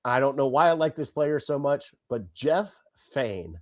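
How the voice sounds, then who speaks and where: A man's voice: medium pitch, measured pace, no room sound. Chummy man chatting sports, dry sound. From Cleveland, Ohio area. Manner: relaxed and chummy, calls his co-host buddy. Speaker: podcast co-host. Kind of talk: casual sports chat.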